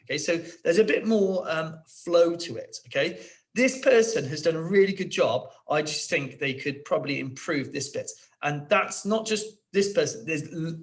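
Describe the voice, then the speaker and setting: Animated male teacher recording a lesson. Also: fairly high pitch. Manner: animated, encouraging, checks in often with "okay?". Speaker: primary school teacher.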